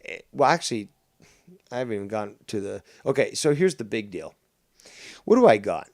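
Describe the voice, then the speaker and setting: A man's voice: on the low side, sing-song, normal speed, a little mellow, no echo. Rambling Canadian man, dry close mic. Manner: rambling, full of ums and restarts, swears casually. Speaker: guest. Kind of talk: casual podcast chat.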